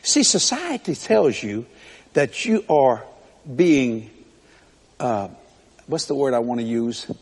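A man preaching a sermon as pastor, telling stories in an animated way with laughs. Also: mid-range voice, slow, pauses often, husky. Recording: echoey hall.

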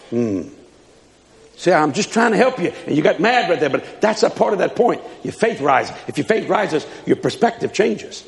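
Fiery high-voiced preacher, gravelly, hall echo. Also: male voice. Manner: fiery, emphatic preaching with shouts and repeated lines. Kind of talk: sermon. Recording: long hall reverb.

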